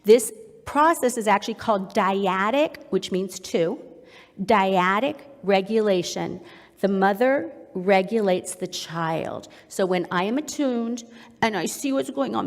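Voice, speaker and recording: A woman's voice: medium pitch, expressive, measured pace, long reverb tail. A middle-aged woman, a psychologist, giving a webinar lecture and now and then acting out how a parent soothes a crying baby. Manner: demonstrative, acts out soothing a baby in soft tones. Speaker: psychologist presenter.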